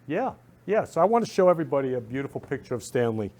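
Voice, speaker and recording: A man's voice: medium pitch, big pitch swings, fast talker, a little mellow. Effusive man hosting a studio talk show. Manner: effusive, repetitive, constantly saying he loves people.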